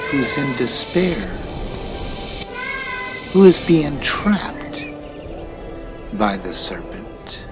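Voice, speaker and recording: A man narrating a storybook tale in a slow, expressive reading. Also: mid-range voice.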